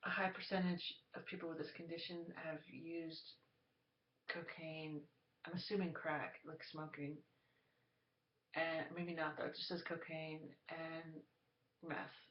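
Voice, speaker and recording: A woman vlogger confiding to the camera, halting and searching for her words. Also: deep voice, level tone, a little hiss or hum. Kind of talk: confessional talk to camera. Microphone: camera mic. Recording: roomy, dull lo-fi sound.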